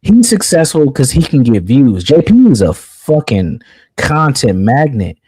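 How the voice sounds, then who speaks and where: Animated blunt man hosting a chat. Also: mid-range voice, measured pace, husky, no echo, low-quality recording. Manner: animated, blunt and profane, acts out others' words. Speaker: show host. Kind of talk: casual live chat.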